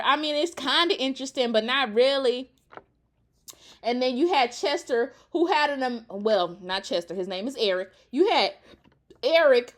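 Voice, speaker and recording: A young woman in a casual, profane rant reacting to a TV show, sassy and exasperated. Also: sits high.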